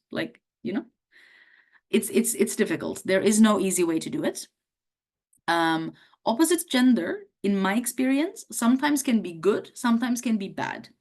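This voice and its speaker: Hoarse woman teaching medical students. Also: medium pitch, darkish tone. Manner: conversational, acts out patient questions. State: hoarse from a cough. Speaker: medical lecturer. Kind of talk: teaching a workshop on history taking.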